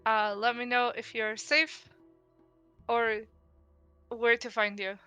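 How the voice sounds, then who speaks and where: A woman playing a tabletop game, speaking hesitantly with many pauses and fillers. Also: on the high side, flat delivery, bright, forceful tone, clean tone, dry recording, faint music behind. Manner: slow, hesitant with many uhs. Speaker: player. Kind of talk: casual tabletop play.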